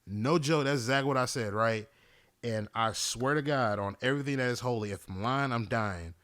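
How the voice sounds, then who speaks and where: A young man hosting a podcast, telling a story in a casual, animated and profane way. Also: medium pitch, moderate pace. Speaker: podcast host.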